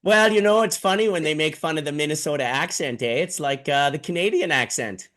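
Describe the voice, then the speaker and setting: A man hosting a loose live stream from his office, talking loudly and swearing as he jokes and tells stories. His voice sits a little high for a man. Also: a little fast. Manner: loud, swearing, joking, storytelling. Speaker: host. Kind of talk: casual chat on a live video stream.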